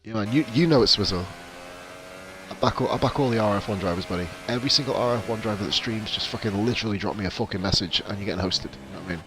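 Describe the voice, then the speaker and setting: A man's voice: lowish voice, fast talker, music in the background. A man streaming a racing game, chatting with viewers in profane, jokey banter. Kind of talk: casual live-stream commentary.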